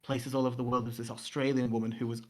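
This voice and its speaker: A man's voice: mid-range voice, little pitch movement, racing, a little mellow. A young man co-hosting a podcast, telling a long, casual story full of fillers and mocking quoted voices. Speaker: podcast co-host.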